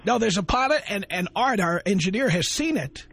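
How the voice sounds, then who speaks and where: Husky-voiced man hosting call-in radio. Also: high voice, lively intonation, fairly bright tone. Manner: argumentative, quick, repeats words when pressing a point. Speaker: radio talk show host.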